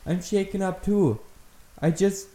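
A man, host of the show, playing a confused, rambling neighbor who keeps trying to calm someone down in an improvised comedy scene. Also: high-pitched, measured pace, voice pushed up. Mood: pleading. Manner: folksy, rambling, placating. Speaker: podcast host. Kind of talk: improvised comedy role-play. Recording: echoey room.

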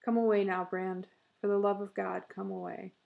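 A woman's voice: medium pitch, level tone, normal speed, gravelly, narrow, tinny audio. A woman reading aloud and voicing a timid, frightened elderly village deacon with a quavering voice, in a storybook reading.

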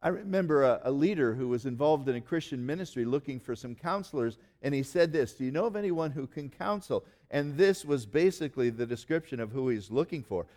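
A male pastor preaching a sermon in earnest, slowing down and dropping almost to a hush to stress key words. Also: mid-range voice, lively intonation. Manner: earnest preaching, slows and drops to near-quiet for emphasis.

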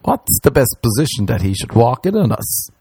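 A man, rambling through a jokey comedy monologue and jumping into high put-on voices. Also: sing-song, fairly quick, warm tone, husky. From Ireland.

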